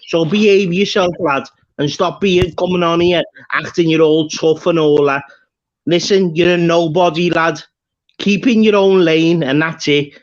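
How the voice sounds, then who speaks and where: A man, taunting someone scornfully in a heated live-stream argument. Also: high voice. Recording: dull lo-fi stream audio.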